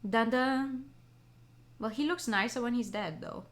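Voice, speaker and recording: A woman on a gaming stream, reading a visual novel aloud with excitable, giggly reactions. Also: on the high side, a little slow. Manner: excitable, giggly, swears casually.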